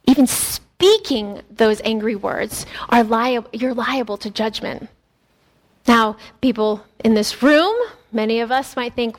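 A woman's voice: on the high side, unhurried. A woman pastor preaching a sermon in an earnest, conversational way, often restarting her sentences.

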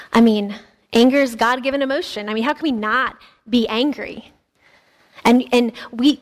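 Earnest woman preaching a sermon. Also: fairly high pitch. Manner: earnest, conversational preaching with frequent restarts. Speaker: pastor.

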